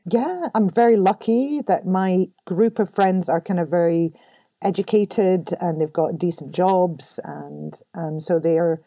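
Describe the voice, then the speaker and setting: Warm-voiced woman, lightly Scottish-tinged. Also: lowish voice, unhurried, dry recording. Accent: American-tinged English with a light Scottish touch. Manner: candid and expressive, laughs often. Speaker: podcast guest. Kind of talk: casual interview talk. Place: home room.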